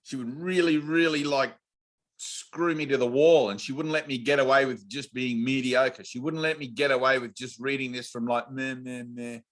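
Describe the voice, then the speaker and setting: A man's voice: mid-range voice, steady tone, normal speed, fairly bright tone. Blunt, intense male spiritual teacher. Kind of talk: spiritual group session on video call. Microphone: video call.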